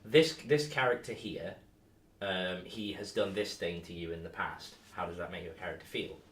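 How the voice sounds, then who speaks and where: A man's voice: low-pitched, moderate pace. A man co-hosting a podcast and talking casually as a game master, rambling with restarts. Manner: relaxed, rambling, with frequent restarts. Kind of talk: casual chat. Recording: echoey room, distant mic.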